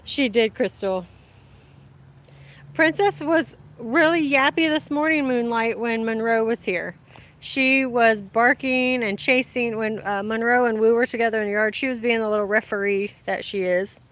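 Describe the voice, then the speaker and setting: Chatty woman with a higher voice. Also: normal speed. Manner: chatty, warm greetings, frequent laughs. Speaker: livestream host reading viewer comments. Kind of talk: casual live chat. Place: outdoors in sunlight. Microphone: phone.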